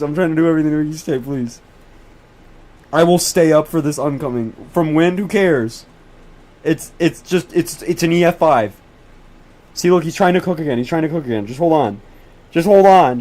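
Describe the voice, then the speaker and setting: A man's voice: fairly high pitch, moderate pace. Pleading, repetitive teenage boy streamer. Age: teens. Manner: pleading, whiny, repeats himself over and over; swearing, excitable bursts when spotting storms. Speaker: livestream host tracking storms. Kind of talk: casual livestream commentary to chat.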